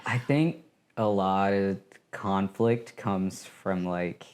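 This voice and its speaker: A man's voice: sits low, slow pace, darkish tone. A man speaking as a podcast guest, reflective and hesitant, searching for his words. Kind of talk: casual podcast interview.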